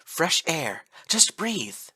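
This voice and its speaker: A man's voice: fairly high pitch, very animated, extremely slow, bright, forceful tone, breathy edge, pitched above the performer's own voice, heavily acted. A man voicing a tough female space marine sergeant who speaks in clipped, matter-of-fact lines. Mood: brisk.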